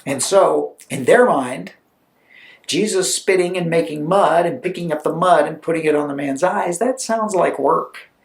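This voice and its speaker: A man preaching a storytelling sermon, animated and conversational, with chatty asides. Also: on the high side, unhurried, vocal fry. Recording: roomy echo.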